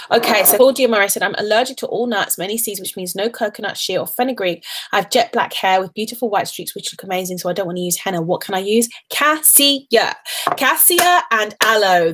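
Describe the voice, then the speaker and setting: A British woman hosting a casual hair care livestream, chatting to viewers with many ums and warm affection toward her audience. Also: medium pitch, a little hiss or hum. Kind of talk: casual live chat answering viewers. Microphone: webcam livestream.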